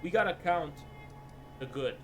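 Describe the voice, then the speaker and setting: A man's voice: fairly high pitch, animated, unhurried, faint music behind. A man streaming live, talking casually and ranting in a heated, profane way.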